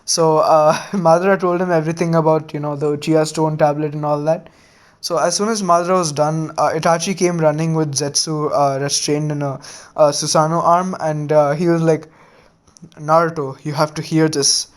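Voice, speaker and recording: A man's voice: fairly high pitch, steady tone, a little fast, clean tone. A man casually retelling a fan story, rambling with lots of filler words and restarts.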